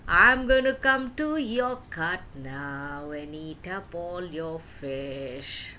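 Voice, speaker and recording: A grandmother doing a slow, low-voiced hungry goblin. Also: lively intonation, sharp tone, slight background noise, exaggerated voice. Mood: menacing. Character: hungry greedy male goblin.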